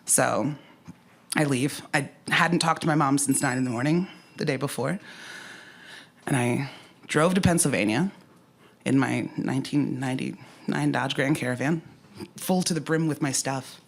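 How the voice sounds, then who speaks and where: Low-voiced woman telling a personal story. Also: normal speed, creaky, long pauses. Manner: candid and conversational, with frank asides. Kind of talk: personal storytelling to a live audience. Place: live story slam event.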